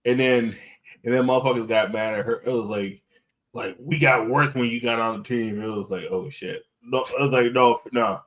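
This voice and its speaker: A man's voice: medium pitch, steady tone, moderate pace, fairly bright tone. A man hosting a podcast in loose, rambling casual chat, often swearing. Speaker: podcast host.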